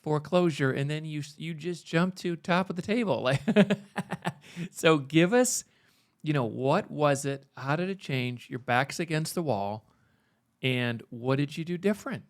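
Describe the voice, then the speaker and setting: A man's voice: on the high side, unhurried. A man hosting a podcast interview, encouraging his guest with follow-up questions. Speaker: podcast host.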